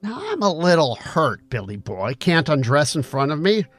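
A man's voice: a little high, sing-song, moderate pace, voice pushed up. A man voicing a cruel, mocking male bully who sneers and taunts. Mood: sneering.

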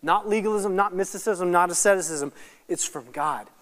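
A man teaching at a Bible study, swinging from hushed, earnest lines to loud, rapid, excited asides. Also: high voice, in a large hall. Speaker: guest speaker at a Bible study. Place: church hall or meeting room.

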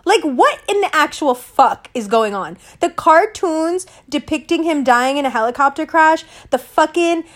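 A woman's voice: sits high, animated, measured pace, hardly any pauses, fairly bright tone. A young woman hosting a casual podcast, ranting angrily with heavy cursing and emphatic repeats. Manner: angry, profane, emphatic ranting. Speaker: podcast host.

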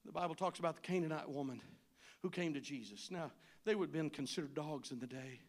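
A man preaching a sermon as pastor, telling a travel story and rising to shouted, pleading appeals. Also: a little high, fast talker.

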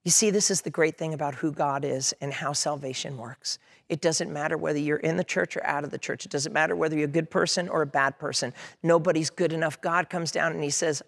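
Man preaching, gravelly edge, acts out what people would say, big echoey church sound. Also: fairly high pitch, fairly even intonation, fairly quick, a bit bright. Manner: earnest preaching, quotes prayers and hecklers aloud. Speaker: pastor. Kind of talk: sermon. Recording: long hall reverb.

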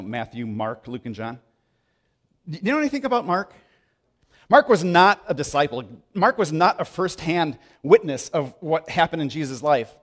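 A man preaching a sermon, telling the story with animated swings between loud bursts and hushed moments. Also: medium pitch. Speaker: pastor.

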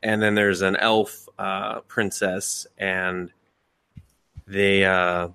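A man's voice: low-pitched, little pitch movement, extremely slow, vocal fry, pushed and bright, clear, resonant tone, no echo. A man hosting a podcast, recapping a show in rambling casual chat full of fillers and swearing. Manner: rambling, filler-heavy and profane. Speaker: podcast host.

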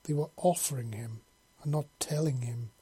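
A man's voice: mid-range voice, moderate pace, mellow, husky. A man reading a fan-fiction story aloud in a casual way, with frequent slips and restarts. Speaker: narrator.

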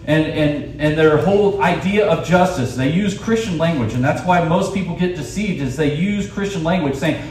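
A man preaching at a camp in an animated way, with quick asides and restarts. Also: fairly high pitch, a little hiss or hum. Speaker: camp speaker. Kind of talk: sermon. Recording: echoey hall, distant mic.

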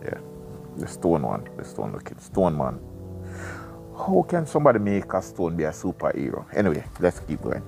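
A man reads a book aloud for his podcast, often drifting into chatty side remarks. His voice sits very low and has a gravelly rasp. Faint music plays softly behind him. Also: huge pitch swings, normal speed. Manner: rambling, chatty asides. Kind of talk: casual reading with side commentary.

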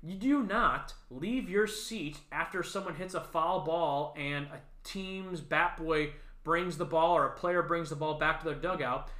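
A man co-hosting a podcast in casual chat, ranting and swearing, mocking people in shrill put-on voices. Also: unhurried, echoey room. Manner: ranting, animated, profane, mocks others in shrill voices. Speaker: podcast co-host.

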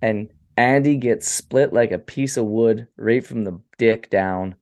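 A man's voice: fairly low pitch, darkish tone. A man co-hosting a podcast, recapping a horror film in a loose, crude, joking way and briefly acting out the characters' lines. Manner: loose, crude storytelling with quick acted-out quotes. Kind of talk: casual profane film recap.

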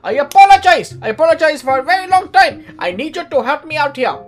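Picture a loud, high, excitable old restaurant owner, as a woman plays him in a comedy skit, speaking broken English with lots of exclamations. His voice leaps all over the place while he spins a rambling boast. Music plays softly behind him. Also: quick pace. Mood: boastful. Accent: put-on broken English. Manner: rambling storyteller, shouts and exclaims. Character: excitable older male Chinese restaurant owner.

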